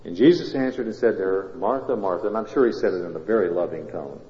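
A male pastor preaching a sermon, moving between loud emphatic lines and quiet intimate ones and asking the congregation questions. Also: deep voice, expressive, fast, slight background noise. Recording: roomy hall reverb, dull lo-fi sound.

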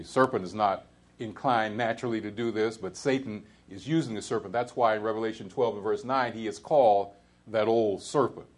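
Conversational male preacher. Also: medium pitch. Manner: conversational preaching with rising emphatic peaks; halting restarts and fillers. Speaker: pastor. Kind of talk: sermon.

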